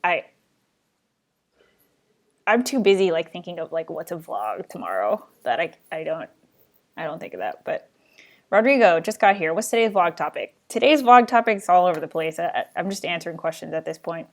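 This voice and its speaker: A woman's voice: fairly low pitch, sing-song, moderate pace. A young adult woman hosting her own live show, chatting casually and rambling as she answers viewer questions. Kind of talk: casual live-stream chat.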